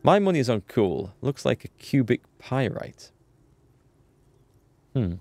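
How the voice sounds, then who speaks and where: A man's voice: mid-range voice, very animated, takes it slowly, a little mellow, a little hiss or hum. A man hosting a let's play, chatty and self-mocking, often exclaiming as he reacts to the game. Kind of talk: gameplay commentary.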